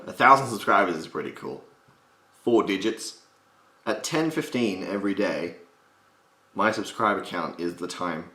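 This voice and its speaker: A man with a slight gravel in his voice, giving a casual, jokey voice impression tutorial and swearing freely. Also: on the low side, fairly bright tone. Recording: roomy echo.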